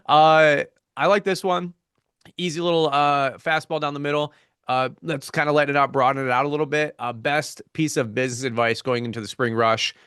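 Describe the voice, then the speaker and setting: A man's voice: mid-range voice, fairly even intonation, brisk, a bit bright, smooth, dry recording, studio quality. A man hosting a business webinar panel, upbeat and earnest, with a casual, pumped-up way of talking. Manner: upbeat, earnest, sports-talk energy. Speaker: webinar host.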